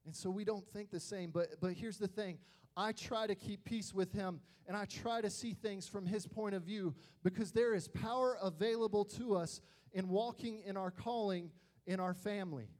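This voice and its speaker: A youth pastor, young and male with a high-pitched voice, preaches to a youth group. He brings personal family stories to life with animation, acting out the voices of those he quotes.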